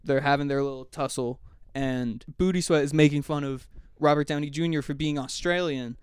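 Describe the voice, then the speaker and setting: Podcast co-host, male, smooth dry voice, lively storyteller. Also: a little high, normal speed, dry recording. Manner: animated storytelling, acts out movie lines. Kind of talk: casual chat.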